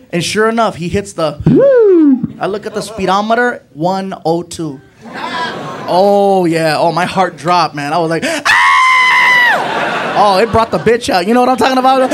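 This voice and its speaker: A male stand-up comedian telling an animated, crude story on a club stage and acting out the voices of the people in it. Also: high voice. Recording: echoey club recording with noise.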